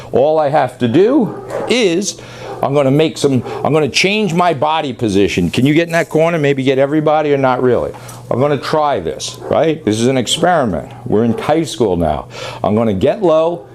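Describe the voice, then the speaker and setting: A man who runs a dog training facility, talking loosely and excitably as he demonstrates training, now and then yelling playfully. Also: fairly high pitch. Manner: loose, rambling, excitable, yells playfully at times. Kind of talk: casual on-camera demonstration.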